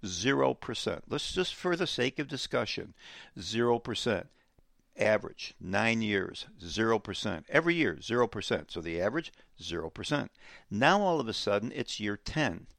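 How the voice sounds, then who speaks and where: A man hosting a financial talk show, explaining economics emphatically and repeating key words slowly for effect. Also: on the low side, big pitch swings, gravelly, a bit bright, no echo, studio quality.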